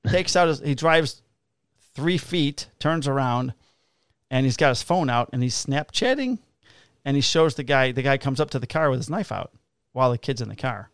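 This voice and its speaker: Gravelly, blunt-talking cop. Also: male voice, mid-range voice, expressive, normal speed, no echo, studio quality. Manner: profane, blunt, laughs at his own stories. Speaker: police officer. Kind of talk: casual storytelling chat.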